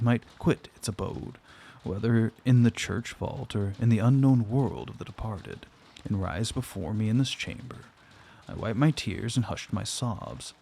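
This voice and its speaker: A man narrating a classic novel aloud in a steady, measured reading. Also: mid-range voice, gravelly, husky. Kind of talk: audiobook narration.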